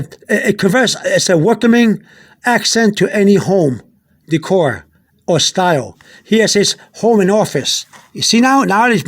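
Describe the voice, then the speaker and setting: Man, high voice, halting teacher, lots of "uh" and repeats, informal lesson. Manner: halting, repeats words, many fillers. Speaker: language teacher. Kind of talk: casual explanatory lesson.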